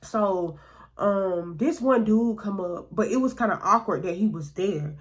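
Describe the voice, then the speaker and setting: This storytime vlogger, a woman with a mid-range voice and a measured pace, shares a personal story. Her telling is casual and full of slang, and she often imitates what others said.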